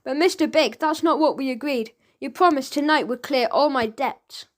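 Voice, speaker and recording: A woman's voice: high-pitched, normal speed, natural voice. A woman voicing a worried, downtrodden father in debt, pleading anxiously in a storybook reading.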